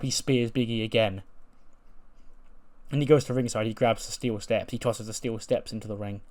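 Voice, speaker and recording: Man hosting a game channel, chatty recap, mid-pitched voice, laughs along. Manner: chatty, laughing, recounts events. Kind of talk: casual game commentary.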